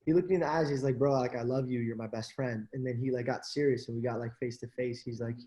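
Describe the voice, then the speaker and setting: A man's voice: mid-range voice, steady tone, fast, dark tone, echoey room. A young man as interview guest, telling stories animatedly with many fillers and acted-out quotes. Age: young adult. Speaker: interview guest, actor and social media creator. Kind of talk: casual interview storytelling.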